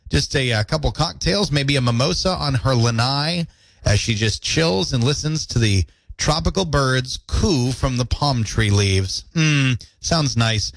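Animated, playful radio morning host man. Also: medium pitch, measured pace, creaky, no room sound. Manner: playful, animated, jokey delivery. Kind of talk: solo radio host reading listener comments. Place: radio studio. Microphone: studio microphone.

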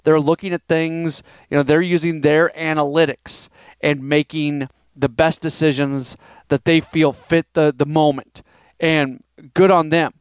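A man hosts a solo sports podcast in a loose, rambling, conversational way. His voice sits high and comes through smooth and clear. The sound is dry and close to the mic. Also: level tone, unhurried, dry recording. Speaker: podcast host.

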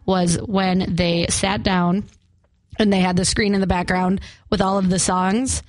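A woman's voice: medium pitch, level tone, unhurried, no room sound. A young woman co-hosting a morning radio show, chatty and laughing often as she talks about concerts and travel. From Arizona. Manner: chatty, laughs often, country music fan.

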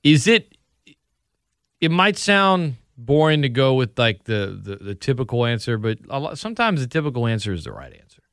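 Man, sports talk host, lively swinging pitch, dry close mic. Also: moderate pace, clean tone, dry recording. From Louisiana. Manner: animated, opinionated, talks over others.

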